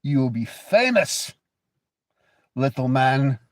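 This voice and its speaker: A livestream host with an American accent engages in casual banter that's teasing and crude, coughing along the way. His mid-range voice is very animated yet slow, with no room sound.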